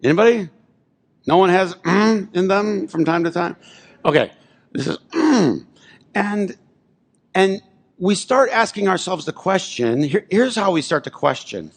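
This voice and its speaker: A pastor with a high-pitched, lively voice preaches a sermon in a church sanctuary, unhurried and leaving long pauses. He shares a personal story conversationally, often asking the congregation whether they're with him.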